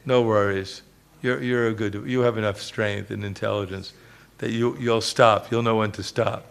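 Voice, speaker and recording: A man putting on Maya, illusion as a gently tempting woman. She coaxes in a low, gravelly, soothing murmur. Her promises come soft and sweet, as in a spoken sermon parable. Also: steady tone, moderate pace. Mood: coaxing. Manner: sweet, coaxing, reassuring.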